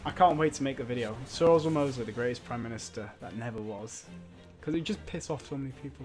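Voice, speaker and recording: A man's voice: mid-range voice, fast, darkish tone, soft background music. A young British man in his twenties streaming a game, chatting casually in a mock-boastful, provocative way and laughing at his own jokes. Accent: British English. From Britain.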